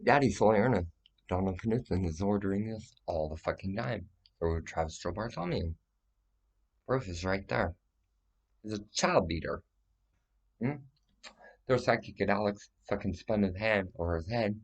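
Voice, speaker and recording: A man's voice: on the low side, lively intonation, moderate pace, long pauses. A man talking straight to the camera in a rambling vlog monologue, swearing heavily and breaking into agitated outbursts.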